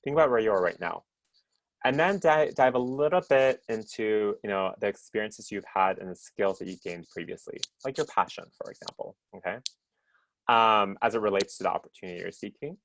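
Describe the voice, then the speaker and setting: A man's voice: lowish voice, fairly quick, creaky, fairly bright tone. A man leading an interactive online workshop over a video call, upbeat and chatty, often checking in with the group. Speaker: workshop presenter.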